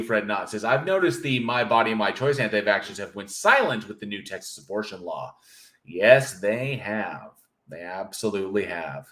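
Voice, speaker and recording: A man's voice: lowish voice, a bit bright. A man hosting a livestream in casual chat, reading viewer comments aloud and joking with a loose, profane manner. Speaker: livestream host.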